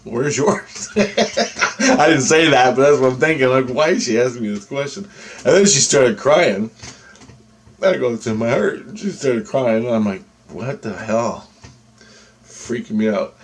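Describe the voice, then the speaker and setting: A man's voice: mid-range voice, normal speed. A man casually telling a personal story, rambling with restarts and acting out other people's quoted lines. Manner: rambling, animated, acts out quotes with fillers and restarts. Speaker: vlogger telling personal experiences.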